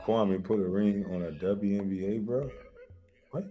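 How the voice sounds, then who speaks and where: Laughing, loud-talking man telling stories. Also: lowish voice, fairly even intonation, measured pace, highs cut off. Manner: loud, laughing, swearing storyteller. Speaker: show host. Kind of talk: casual storytelling chat.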